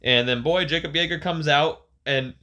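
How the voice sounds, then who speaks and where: A young man co-hosting a podcast, telling a story in casual, profane, animated chat with frequent laughs. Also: a little high, normal speed. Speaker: podcast co-host. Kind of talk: casual chat, retelling a match.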